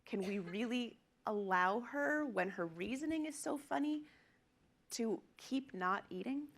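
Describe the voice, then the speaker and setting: A woman's voice: on the high side, expressive, a little slow. A middle-aged woman physician giving a conference presentation, earnest and emphatic, acting out quotes from her patients. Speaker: physician lecturer.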